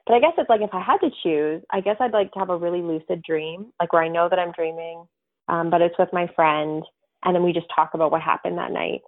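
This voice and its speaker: A woman's voice: fairly low pitch, fast, dry recording. A woman guest on a podcast, telling her story in a rambling, casual way full of fillers and restarts. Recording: tinny phone-like line.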